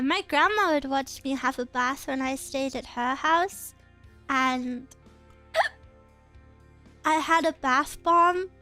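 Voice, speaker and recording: A woman's voice: sits high, pushed and bright. A young woman streaming as a VTuber, chatting casually with a rambling, giggly way of talking.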